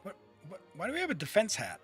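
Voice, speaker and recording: A man's voice: high voice, huge pitch swings, quick pace, faint music behind. A young man streaming live, reviewing a viewer's game account in a mock-stern, exasperated way and laughing often.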